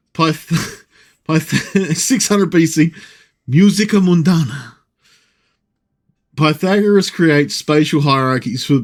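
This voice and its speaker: A man streaming live, ranting and swearing with frequent laughter as he comments. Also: fairly high pitch. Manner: profane, ranting, laughing often.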